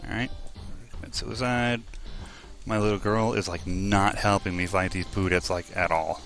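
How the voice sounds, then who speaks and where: A young man rambles through a video game playthrough, cracking jokes and teasing the characters. His voice sits low with a gravelly rasp. Soft music plays underneath. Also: fairly even intonation, moderate pace. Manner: joking, rambling, laughs at himself. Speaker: let's play host. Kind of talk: casual gameplay commentary.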